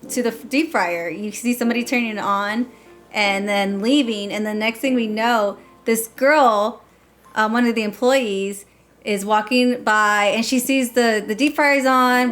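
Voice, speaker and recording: A woman co-hosting a casual movie chat, retelling scenes in an animated way and acting out quotes. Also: fairly high pitch, unhurried, faint music behind. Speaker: co-host reviewing a film.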